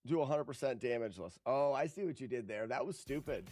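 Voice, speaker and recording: A man streaming a retro game, giving animated live commentary that is joking and peppered with swearing. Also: medium pitch, fast talker, soft background music.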